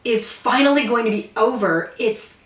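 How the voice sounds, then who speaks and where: A woman's voice: fairly high pitch, moderate pace. Woman, casual TV recap chat, earnest, echoey room, distant mic. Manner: earnest, emotional, many restarts. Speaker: podcast co-host.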